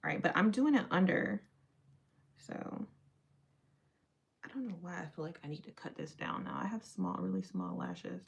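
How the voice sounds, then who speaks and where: Young woman livestreamer, gravelly voice, casual chatty read. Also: lowish voice, animated, moderate pace, pauses often. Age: young adult. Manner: chatty, talks to viewers while doing her makeup.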